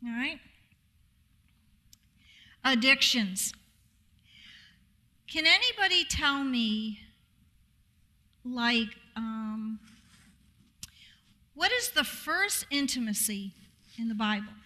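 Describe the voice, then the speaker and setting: A middle-aged woman teaches a congregation in a relaxed, conversational way, putting questions to the listeners and laughing easily. Her voice sits a little high for a woman and comes across bright and forceful. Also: very slow, pauses often. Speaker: guest speaker at a congregation. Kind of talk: casual teaching talk.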